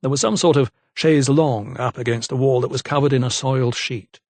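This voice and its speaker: A man narrating an audiobook in a measured, steady storytelling manner, close on the mic. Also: mid-range voice, dry recording. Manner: measured, evenly paced storytelling. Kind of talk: scripted narration.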